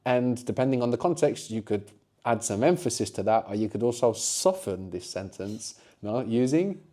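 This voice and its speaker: Leading a spoken language class, a middle-aged man speaks warmly and mellowly at an even mid pitch. He gives lengthy explanations and regularly checks in through short tag questions.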